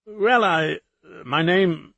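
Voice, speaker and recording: A chatty fake London gent, stumbling over his words and rambling, pitched well above the reader's own voice and pushed out louder, as a male narrator puts him on. The audiobook sound is dry and close. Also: very slow, vocal fry, no echo, full character voice. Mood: flustered cheer. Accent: put-on London. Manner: rambling, stammering, overly chatty. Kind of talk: audiobook character voice.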